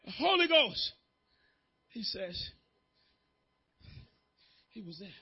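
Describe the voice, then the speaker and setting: A male preacher with a high, breathy, husky voice that rides up and down as he preaches. He chats with his congregation and then climbs into shouted, near-sung preaching. The church recording sounds muffled and lo-fi. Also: sing-song, slow pace. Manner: builds from quiet talk to shouted preaching; conversational, calls on congregation members. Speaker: pastor. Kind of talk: sermon.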